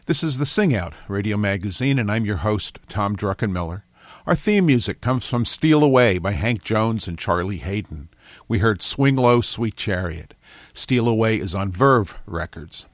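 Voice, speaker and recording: A male radio host reads his scripted introductions in a measured, even manner. His voice sits a little low, and the studio sound is close and dry. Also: no echo.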